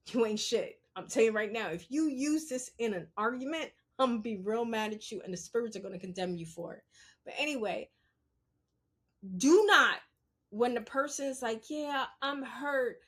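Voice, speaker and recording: Blunt, profane woman host, higher voice. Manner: blunt, profane, emphatic, talks straight to the listener; keeps asking "You understand?". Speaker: podcast host. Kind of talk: unscripted solo commentary.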